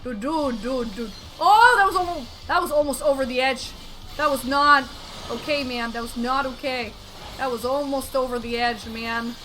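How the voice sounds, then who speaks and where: A woman streaming a game, excitable and exclaiming loudly, repeating phrases as she plays. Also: high voice, normal speed, a little hiss or hum. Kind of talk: live-streamed game playthrough.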